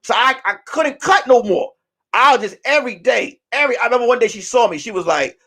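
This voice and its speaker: Male streamer host: high, very lively voice, profane storyteller, from whispers to shouts. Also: fast. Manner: animated, profane, swings from hushed whispers to shouting. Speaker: show host. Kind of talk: casual storytelling on a livestream.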